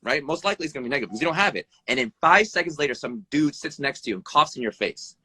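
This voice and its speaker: On a live video stream interview, an American ER doctor races through blunt advice, cursing freely and tossing in "right?" again and again. His bright, slightly husky voice is animated, jumping up and down in pitch. Recorded on a phone or video-call mic, the sound is dry and close with no room sound.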